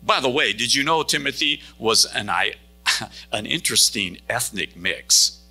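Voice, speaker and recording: A male pastor preaches in a mid-range voice that is animated and unhurried, with vocal fry, a pushed brightness and a breathy edge, while faint music plays behind him in the church sanctuary. As a storyteller, he acts out the dialogue of every person in his tale.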